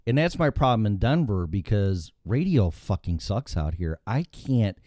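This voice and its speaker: Give me a male talk show host with a Chicago accent, low and mellow, chatting casually and swearing freely. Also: measured pace, no room sound, studio quality. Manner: profane, animated storytelling. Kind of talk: casual chat.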